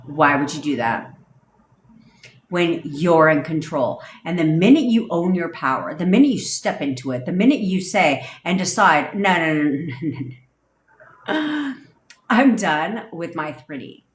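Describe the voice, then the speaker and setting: A manifestation coach rants into her phone on a livestream, blunt, profane and emphatic. Her voice is low and animated yet measured in pace, and the room gives it a noticeable echo.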